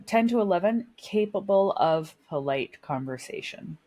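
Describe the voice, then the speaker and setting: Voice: mid-range voice, animated, normal speed, mellow. A podcast co-host in casual chat, rambling and self-mocking, laughing often.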